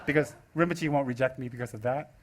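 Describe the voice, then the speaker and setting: Brief: American man in his forties, high-pitched, teaching dharma with sharp sarcastic teasing. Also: normal speed, slight background noise. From United States. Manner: teasing, sarcastic, animated delivery. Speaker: Buddhist teacher. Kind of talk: live dharma talk.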